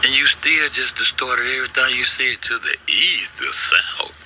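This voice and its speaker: A man in rants about what he reads out, cursing and arguing as he goes. His voice sits at an ordinary middle pitch. Steady noise runs under the recording. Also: moderate pace. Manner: argumentative, profane, reads search results aloud. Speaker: online show host. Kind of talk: casual ranting commentary. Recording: noisy home recording.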